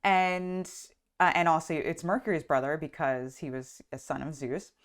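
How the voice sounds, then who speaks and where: A woman's voice: sits low, moderate pace. A woman teaching astrology who retells a myth in a chatty, loose way, full of "like" and "um". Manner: chatty, lots of "like" and "um". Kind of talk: casual storytelling lesson.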